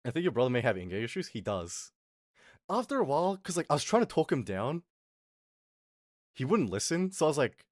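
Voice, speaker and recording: A man's voice: medium pitch, sing-song, a little fast, long pauses, darkish tone, no echo. A young man streaming as a vtuber, telling a story to his chat in a rambling, casual way with lots of fillers, on a close mic. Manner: rambling, fillers, reads chat and acts out quotes.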